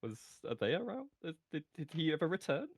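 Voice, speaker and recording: A man putting on a high, flowery elf bard. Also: fast, no room sound. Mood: anxious. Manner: theatrical, flowery and excitable. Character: vain flamboyant male elf bard.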